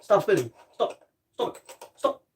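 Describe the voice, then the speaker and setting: A woman's voice: unhurried, darkish tone, slight background noise. A young woman streamer in her bedroom, chatting casually and muttering to herself while she tinkers with a gadget. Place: bedroom at home.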